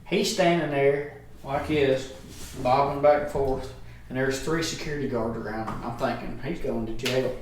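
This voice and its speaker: A man's voice: mid-range voice, fairly even intonation, normal speed, slight background noise. A middle-aged man, a guest telling a profane, rambling story in casual chat. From Alabama, US. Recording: echoey room, distant mic.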